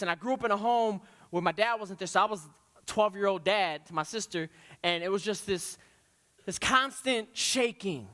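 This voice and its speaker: A man preaching a youth sermon with passion, swinging between quiet, reflective stretches and loud, rising questions. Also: high voice, moderate pace. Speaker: youth pastor. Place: church hall. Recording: long hall reverb.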